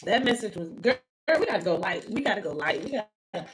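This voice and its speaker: A woman's voice: mid-range voice, expressive, fairly quick, rough recording. A woman tarot reader on an emotional live stream, talking to her viewers, repeating herself and close to tears. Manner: spiritual, ends with a prayer.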